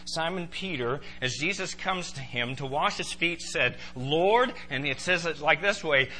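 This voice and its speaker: A man preaching a sermon to a congregation, emphatic and animated. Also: fairly high pitch, normal speed, few pauses, slightly rough. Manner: emphatic, rising to loud exclaiming in voiced quotes. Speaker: pastor.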